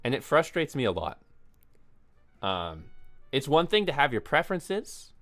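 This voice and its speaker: A man's voice: mid-range voice, sing-song, unhurried, fairly bright tone, soft background music. A man hosting a keyboard vlog, ranting in an exasperated, sarcastic way and apologizing between outbursts. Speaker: keyboard video host.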